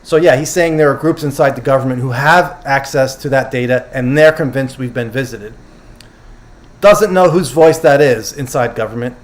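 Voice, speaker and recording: Here a man of medium pitch talks at a moderate pace, recapping a conference for his livestream audience and answering their questions. His delivery is casual and chatty, with loose paraphrases of what speakers said and frequent self-corrections.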